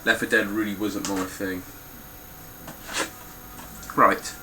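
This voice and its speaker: A man's voice: on the low side, level tone, takes it slowly, noisy background. A young man talking casually through his game collection, blunt and swearing freely. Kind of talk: casual spoken collection walkthrough.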